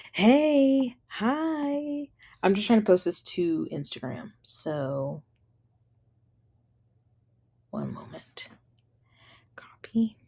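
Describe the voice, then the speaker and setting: A woman's voice: sits high, darkish tone. A young woman hosting a casual livestream chat, tired and yawning, greeting viewers and laughing often. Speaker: livestream host.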